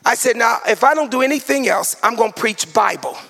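Preacher, man, 40s: high gravelly voice, sing-song emphatic delivery, reverberant church hall. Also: animated, fairly quick. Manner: emphatic, sing-song preaching cadence with shouted peaks and humorous asides. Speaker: pastor. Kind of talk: sermon.

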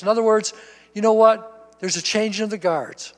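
High-voiced male pastor preaching in a reverberant hall. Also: fairly even intonation, moderate pace. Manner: expository preaching, reads scripture aloud and applies it to listeners; repeats words for emphasis. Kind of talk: sermon.

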